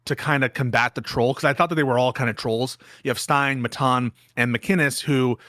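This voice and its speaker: A man's voice: mid-range voice, steady tone, normal speed, sharp tone, dry recording, studio quality. A man co-hosting a casual chat, self-doubting and rambling with many restarts. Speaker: co-host and debater.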